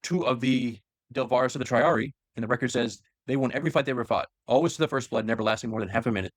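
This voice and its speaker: A man explaining lore retells a story casually, rambling loosely and using lots of fillers. He talks rapid-fire at a medium pitch, and the studio recording is clean with no room sound.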